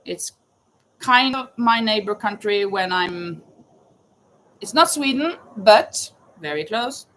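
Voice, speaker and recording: A woman's voice: medium pitch, expressive, slow, fairly bright tone, slight background noise, poor audio. A woman hosting a casual live chat, reading trivia questions aloud and greeting viewers by name. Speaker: livestream host running a trivia quiz.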